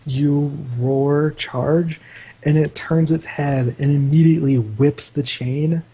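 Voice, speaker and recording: Man, game master, slow talker, husky, mellow dark tone, loose rambling narration. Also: on the high side, steady tone, low-quality recording. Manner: loose, meandering, full of "like" fillers. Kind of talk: improvised tabletop game narration.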